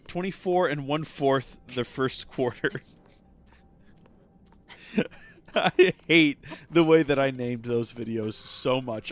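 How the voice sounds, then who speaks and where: A man hosting a casual gameplay livestream, rambling and self-deprecating as he chats with viewers. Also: mid-range voice. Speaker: livestream host.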